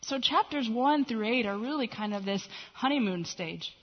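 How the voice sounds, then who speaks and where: A woman's voice: on the high side, moderate pace, husky. Woman teaching the Bible in a hall. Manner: conversational, animated retelling with quoted voices. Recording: dull reverberant hall recording.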